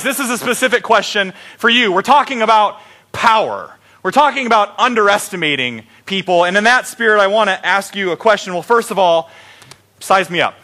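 Pastor guy giving a sermon, cracks jokes w the crowd, pretty high voice. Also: sharp tone. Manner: joking, playful with congregation. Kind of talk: Easter sermon.

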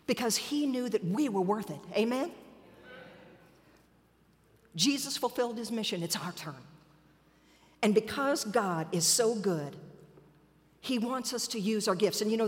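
A woman's voice: mid-range voice, lively intonation, normal speed, long pauses. A woman preacher delivering a sermon that builds to fervent exhortation, recorded in a church sanctuary. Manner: rising to fervent, climactic exhortation. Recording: long reverb of a large hall.

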